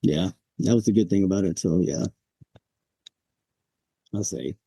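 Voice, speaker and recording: A man's voice: low voice, unhurried, dark tone, breathy edge, no room sound. A man in his forties, a Marine veteran guest, telling his story casually on a podcast, chuckling and acting out the sergeants he quotes. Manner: laid-back, chuckles, acts out quoted drill instructors.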